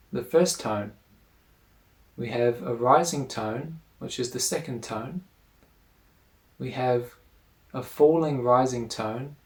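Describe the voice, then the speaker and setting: A man teaching an explanatory lesson, explaining step by step in a patient, measured way. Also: medium pitch.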